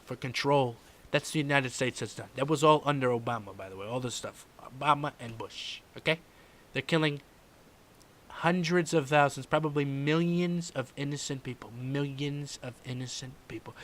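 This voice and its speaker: A man doing a comedic impression of a brash older male politician who rambles in circles and lets "folks" and "okay" trail off quietly. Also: mid-range voice, lightly acted. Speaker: podcast host doing an impression.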